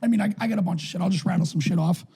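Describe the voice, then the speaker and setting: A man in his thirties from New England, a podcast co-host and youth football coach, telling rambling, profane stories in casual chat; his voice sounds higher than his build suggests. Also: racing, creaky, dark tone, slightly rough.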